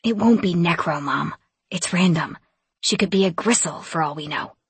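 A woman's voice: lowish voice, moderate pace, slightly rough, dry recording. A woman reading the lines of a sarcastic, normally goofy teenage younger brother who mutters in a hollow voice.

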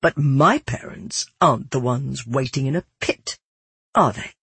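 A cold, sneering young nobleman, voiced by a narrator in a storybook reading. The voice is slightly husky and sits at a middle pitch. The sound is dry, with no room around it. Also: a little slow, fairly bright tone, no echo, full character voice. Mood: contemptuous. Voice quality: sneering, menacing.

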